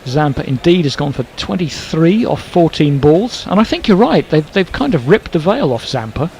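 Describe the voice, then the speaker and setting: A man's voice: on the high side, sing-song, gravelly, darkish tone, slight background noise, poor audio. A man from Northern Ireland with a Northern Irish accent, commentating ball by ball on a cricket match and trading dry jokes between deliveries. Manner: brisk play-calling mixed with dry jokes. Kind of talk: live cricket commentary with banter.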